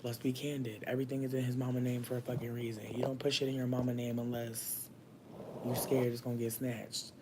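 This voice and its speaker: A man giving casual comedic commentary in a campy, animated way, laughing often and using heavy slang. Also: mid-range voice, brisk, background noise.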